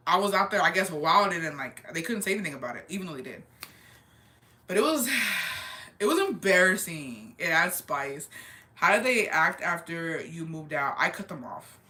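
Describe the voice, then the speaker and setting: A young woman casually and candidly retelling a family story, animated, with lots of "like" and quoted dialogue. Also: on the low side, moderate pace. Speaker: storyteller on a chat show. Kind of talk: casual chat.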